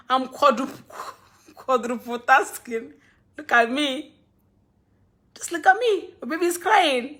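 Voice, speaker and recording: High-voiced Nigerian woman, laughing and rambling. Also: fairly bright tone. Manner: rambling, laughs often, scolds viewers. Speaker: live-stream host. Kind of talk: casual live-stream talk.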